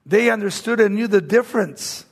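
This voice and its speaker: A man preaching a sermon, swinging between raised exclamations and hushed, low-spoken lines. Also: normal speed.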